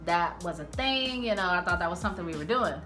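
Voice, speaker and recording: A woman's voice: on the low side, lively intonation, fast, over music, lightly acted. A woman voicing a flustered young woman who is awkward under pressure, speaking plaintively. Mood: pleading.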